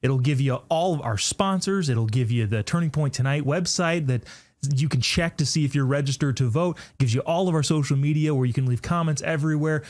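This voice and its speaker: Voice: medium pitch, a little fast, darkish tone. A talk show host giving a sarcastic political commentary monologue, with mocking asides and a conversational delivery full of restarts.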